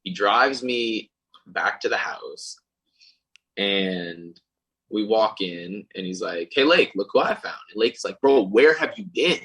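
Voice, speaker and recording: A man's voice: on the low side, takes it slowly, husky, low-quality recording. A young man telling a story in casual chat, acting out other people's lines. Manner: animated, acts out quoted voices. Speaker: podcast guest and singer.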